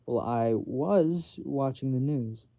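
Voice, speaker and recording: A man's voice: medium pitch, slow pace, creaky, mellow. A man reading aloud, voicing a nervous, flustered young woman on a phone call, in a dull home recording. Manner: embarrassed, flustered deflecting.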